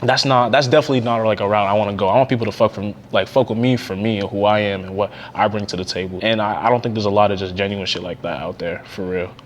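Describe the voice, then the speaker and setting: Young male podcast host, quick slangy delivery, light background hiss. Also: fairly low pitch, steady tone. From Massachusetts, outside Boston. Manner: fast, slangy, asks questions. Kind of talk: casual podcast chat.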